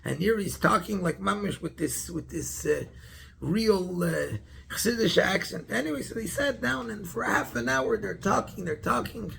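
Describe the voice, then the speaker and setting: A man's voice: sits high, animated, normal speed, vocal fry, sharp tone. A man, a rabbi, tells a story in a Torah class, stopping often to search for words and restart his sentences.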